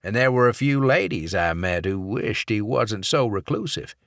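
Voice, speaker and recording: A man's voice: fairly low pitch, expressive, moderate pace, creaky, fairly bright tone, no room sound, studio quality, voice pushed up. A man voicing a folksy male sheriff's investigator who chats easily while probing with questions. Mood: chatty probing. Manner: chatty, probing, easygoing.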